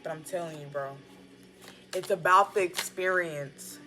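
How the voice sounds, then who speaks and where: A woman's voice: lowish voice, unhurried, sharp tone. A woman giving a casual, slangy spiritual pep talk while reading tarot cards. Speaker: tarot reader. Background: background music.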